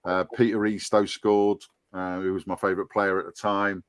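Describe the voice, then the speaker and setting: This podcast guest, a fan board applicant around fifty, speaks with a Scouse accent and comes from Liverpool and North Wales. His low, smooth voice has a flat delivery at normal speed, with no room sound. He chats earnestly and rambles, restarting often and saying um a lot.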